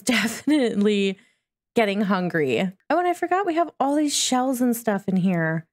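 A woman giving casual let's-play commentary, chatty and cooing at the characters in her game. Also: mid-range voice. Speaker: gaming video creator.

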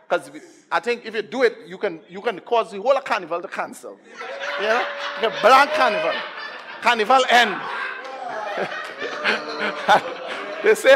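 A Trinidadian man preaching with a high, bright, ringing voice. He drops to near-whispers, then bursts into shouts, and mixes Scripture with jokes to the congregation. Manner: energetic, swings from hushed to shouting, joking with the crowd. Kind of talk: sermon.

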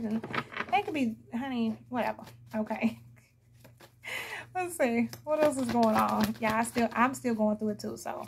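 A woman's voice: on the high side, moderate pace, background noise. A woman giving a casual, blunt tarot reading, chatting to viewers and laughing often. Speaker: tarot reader.

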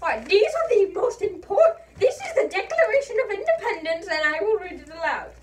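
A woman's voice: extremely high pitch, sing-song, brisk. A woman giving rambling, goofy commentary while playing a game, with lots of filler sounds. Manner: rambling and goofy, full of ums and uhs. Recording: distant mic with faint background noise.

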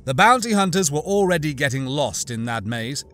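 A man narrating an audiobook in a measured, deliberate reading. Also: on the high side, lively intonation, a bit bright, faint music behind.

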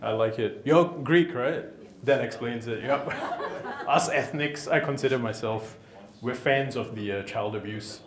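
A man's voice: medium pitch, a little slow. A man doing stand-up comedy, with cheeky asides to the audience. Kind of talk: stand-up comedy with crowd work. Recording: live crowd in an echoey venue.

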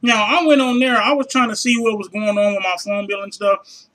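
High-pitched exasperated ranting man. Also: steady tone, a little fast. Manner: loud, exasperated, heavy swearing. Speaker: vlogger. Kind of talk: profane ranting vlog.

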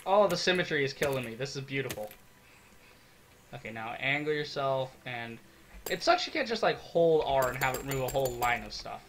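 A young man giving excitable, swear-filled let's-play commentary, talking to himself as he builds in a game. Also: medium pitch, fairly quick, slight background noise. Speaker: gaming video creator.

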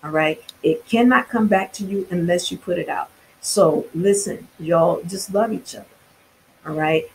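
A woman's voice: lowish voice, moderate pace, vocal fry, darkish tone, slight background noise, rough recording. Fervent woman preaching to viewers. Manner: fervent and preachy, with casual slang and many restarts. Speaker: spiritual vlogger. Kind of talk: impassioned spiritual monologue to viewers.

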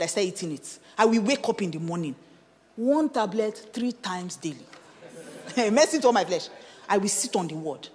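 A Nigerian woman pastor preaching with lively, swooping pitch. She tells her story with animation, slips into pidgin, and climbs to shouts. Her voice rings with the long reverb of a church hall. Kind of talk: sermon with personal testimony.

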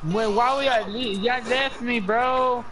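A man's voice: very high-pitched, fairly even intonation, a little slow, noisy background. A young man joking and complaining in slangy casual chat while gaming with friends.

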